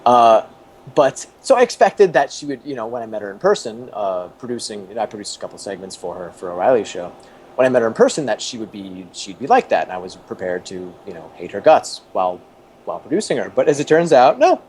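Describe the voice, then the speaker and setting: A man's voice: on the low side, big pitch swings, a little fast, darkish tone, a little hiss or hum. A man in his thirties, an interview guest and former TV producer, telling stories casually with many restarts and chuckles.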